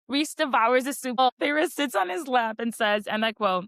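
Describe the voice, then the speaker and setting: A woman's voice: on the high side, animated, moderate pace, few pauses, a bit bright, dry recording. A woman on a book podcast giving a casual, chatty chapter recap, full of "like" fillers and playful teasing. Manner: chatty, heavy use of "like" as filler; playful, teasing about spicy scenes.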